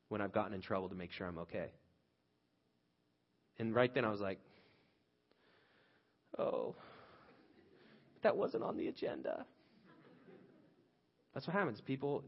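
A pastor in his thirties preaches a sermon in a conversational way, telling a story about his own family and restarting phrases often. His voice runs on the low side and gets loud when he quotes himself. The lo-fi sound is dull and carries a long hall reverb.

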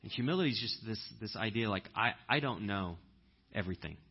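A man preaching a conversational sermon, telling stories and breaking into loud animated impressions. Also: lowish voice, fast, husky, highs cut off. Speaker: pastor.

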